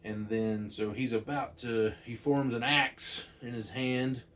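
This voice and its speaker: A man casually retelling a holiday comic story, rambling and excited, with restarts. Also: mid-range voice, takes it slowly, a little hiss or hum. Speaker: comic book reviewer.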